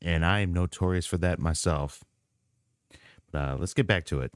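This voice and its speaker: A male reaction-video host giving relaxed, chatty commentary between clips. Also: low-pitched, normal speed, dry recording, studio quality. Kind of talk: casual commentary.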